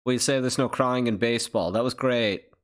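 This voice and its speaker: A man's voice: mid-range voice, normal speed, lightly acted. A man putting on a chirpy, fawning young man's voice with a fake British accent.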